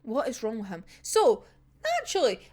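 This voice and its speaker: High, lively young woman ranting. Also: moderate pace. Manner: heated, sweary, laughs often. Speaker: manga reaction vlogger. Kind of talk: ranting chapter reaction.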